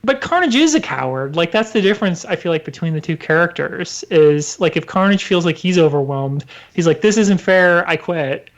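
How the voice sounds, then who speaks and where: A man co-hosting a casual comics podcast, animated, laughing often and slipping into quick character voices. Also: on the high side. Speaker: podcast co-host.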